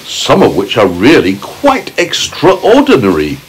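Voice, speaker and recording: A man's voice: medium pitch, wildly swooping pitch, unhurried, a little hiss or hum, rough recording. A man voicing a proud, chatty male earthworm in a storybook read aloud to a child.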